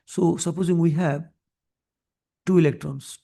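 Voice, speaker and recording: A man's voice: a little high, fairly even intonation, unhurried, gravelly, dark tone. A man teaching a chemistry class, mixing English and Odia, asking students questions as he explains. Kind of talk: classroom lecture.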